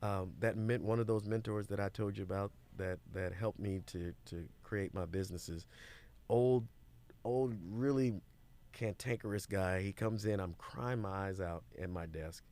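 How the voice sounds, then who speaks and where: A man as a podcast guest, telling stories about business setbacks in a lively way and acting out what people said. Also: fairly low pitch, moderate pace. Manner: animated storytelling, acts out quoted voices. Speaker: guest, business owner and mentor. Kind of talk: casual podcast interview.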